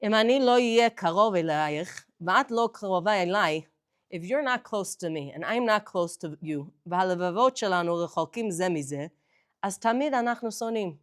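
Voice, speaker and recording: A woman teaching a lively class, animated and emphatic, moving between languages in a synagogue hall. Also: medium pitch, racing.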